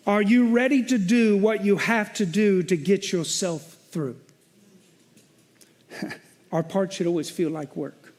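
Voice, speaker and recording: A middle-aged male pastor preaching a sermon, telling a personal story and shifting between loud venting and quiet reflection. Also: high voice, slow.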